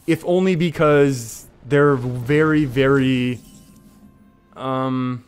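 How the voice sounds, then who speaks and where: A man's voice: medium pitch, drawn-out words, clear, resonant tone, faint music behind. A man live-streaming a card game, talking through his plays in a chatty way and often laughing.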